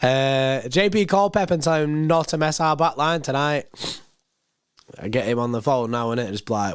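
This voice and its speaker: A young man with a hoarse, worn voice chats loosely on a football live stream, reading out chat messages. He rambles and repeats himself in an easy, unhurried way. The sound is dry and close to the microphone. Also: medium pitch, dry recording. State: hoarse, voice going.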